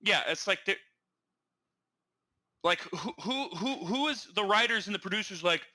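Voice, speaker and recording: A man's voice: high-pitched, normal speed, rough recording. A young man co-hosting a casual podcast, rambling through stories with lots of stammers and restarts. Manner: rambling, stammering, animated retelling. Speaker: podcast co-host. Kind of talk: casual chat.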